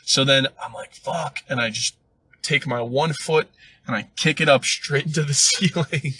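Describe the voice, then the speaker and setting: A young man co-hosting a podcast, telling stories in casual chat, animated and swearing freely. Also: medium pitch, normal speed, husky. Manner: animated storyteller, swears freely, jumps into loud acted quotes. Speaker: podcast co-host.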